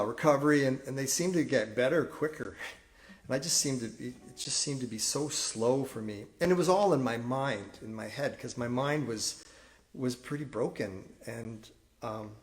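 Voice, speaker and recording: Reflective man telling a confessional story. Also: mid-range voice. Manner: reflective and confessional, halting with restarts. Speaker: singer-songwriter streaming a live concert. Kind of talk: candid storytelling between songs. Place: at home. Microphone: phone, wearing headphones.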